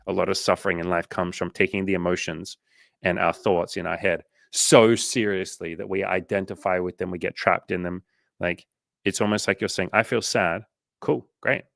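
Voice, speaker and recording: A man's voice: deep voice, level tone, normal speed, creaky, dry recording, studio quality. A young Australian man coaching casually on a livestream, swearing freely and acting out inner voices as he talks.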